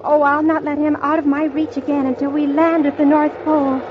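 A woman's voice: high voice, flat delivery, brisk, highs cut off, lightly acted. A woman playing a fussy, motherly knitting woman in a 1940s radio play, fretting and exclaiming over a runaway elf. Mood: worried. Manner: fretful, fussing and exclaiming. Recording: scratchy old radio transcription.

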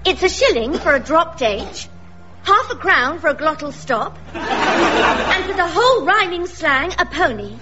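A woman's voice: extremely high pitch, sing-song, unhurried, a loud crowd, exaggerated voice. A woman voicing a brash, saucy Cockney wife in a comic radio play, full of rhyming slang. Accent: London Cockney. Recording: dull lo-fi recording with music.

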